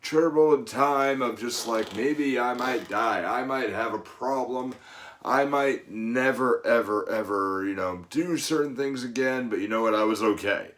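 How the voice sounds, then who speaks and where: A man's voice: medium pitch, a little slow, fairly bright tone. A middle-aged man, a fitness coach, giving an earnest, rambling motivational monologue full of "you know" asides.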